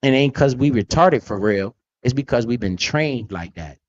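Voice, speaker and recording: A man's voice: mid-range voice, lively intonation, moderate pace, lo-fi sound. A man hosting a casual, profane talk about investing, blunt and emphatic with lots of slang. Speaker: podcast host.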